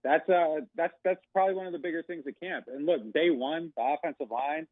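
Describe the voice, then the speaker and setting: A man on a thin, tinny phone line breaks down football practice as a guest reporter. He rambles a bit and leans on "you know" and "like" as he thinks aloud. His voice sits at an ordinary pitch, and the call sounds dry, with no room around it. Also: brisk, dry recording. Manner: talkative, rambling with many fillers. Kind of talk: casual phone-in analysis.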